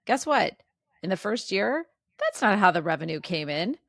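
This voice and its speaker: A middle-aged woman chatting as a podcast guest, animated and acting out her own inner voice. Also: mid-range voice, normal speed, gravelly, dry recording, studio quality. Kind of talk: casual interview chat.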